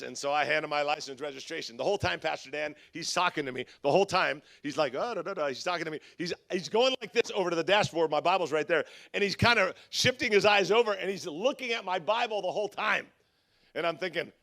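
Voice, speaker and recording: Bright-voiced pastor telling funny stories. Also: male voice, a little high, lively intonation, fast talker, gravelly. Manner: humorous storytelling with quoted voices. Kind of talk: conference sermon. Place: church conference stage.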